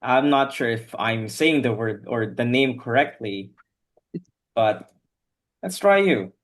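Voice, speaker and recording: Slow, patient male teacher on a video call. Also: medium pitch, animated. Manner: slow, patient, repeats "okay" often. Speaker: English teacher. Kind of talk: online class teaching.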